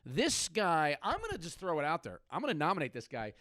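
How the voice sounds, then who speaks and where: A man's voice: a little high, huge pitch swings, a little fast, a bit bright, no room sound. A man in his late thirties, a comedian and podcast host, telling crude, rambling stories with sudden outbursts. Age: late 30s.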